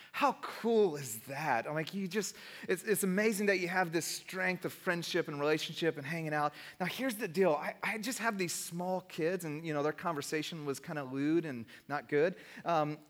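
A middle-aged man preaching a sermon, his voice bright and a touch high for a man. He tells stories in an easy, conversational way and slips into the voices of the people he quotes. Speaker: pastor.

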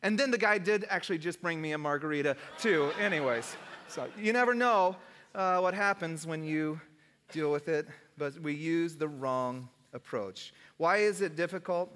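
A man's voice: fairly high pitch, normal speed, a bit bright, slight background noise. A middle-aged male pastor preaching a sermon in a conversational, storytelling way, acting out the people he quotes.

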